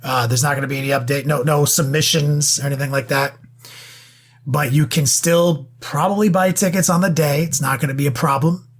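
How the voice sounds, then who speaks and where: Husky guy on a podcast, blunt and loose, swears casually. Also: fairly high pitch, steady tone, a little fast. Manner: blunt, offhand, curses freely. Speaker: podcast co-host.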